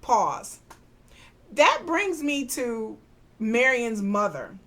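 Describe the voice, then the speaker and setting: A woman, casually recapping a TV drama, chatty and animated, acting out the characters' lines with slang asides. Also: on the high side, extremely slow. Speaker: podcast host recapping a TV drama.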